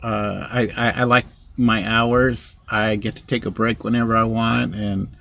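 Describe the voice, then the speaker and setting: Gravelly rambling handyman. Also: on the low side, level tone, unhurried, fairly bright tone, lo-fi sound. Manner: rambling, repeats "so anyway", acts out both sides of conversations. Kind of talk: casual storytelling.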